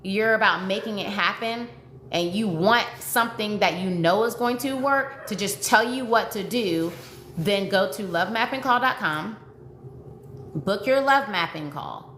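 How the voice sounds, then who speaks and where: A woman's voice: mid-range voice, a little slow, a bit bright. Emotional woman dating coach, echoey room. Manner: emotional, repetitive, pleading. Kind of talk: livestream chat with viewers. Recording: echoey room with faint noise.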